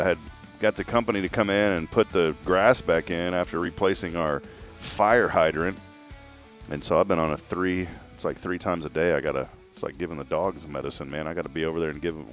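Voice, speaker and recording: Deep-voiced joking radio host. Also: male voice. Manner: jovial, joking, teasing guests. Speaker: radio morning show host. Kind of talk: casual morning radio chat.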